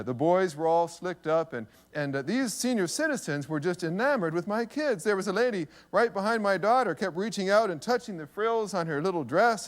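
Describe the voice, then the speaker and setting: A middle-aged pastor preaching a sermon, telling a story with humor at his own expense. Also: high voice. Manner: humorous, self-deprecating storytelling.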